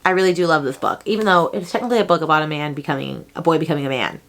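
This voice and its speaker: A woman's voice: low-pitched, rapid-fire, fairly bright tone. A young adult woman chatting casually about her book haul, rambling from one thought to the next. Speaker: book vlogger.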